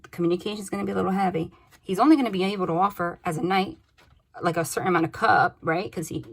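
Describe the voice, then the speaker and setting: A young woman giving a casual tarot reading to camera, talking freely with swearing and bursts of excited exclamations. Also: fairly low pitch, breathy edge. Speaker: tarot reader.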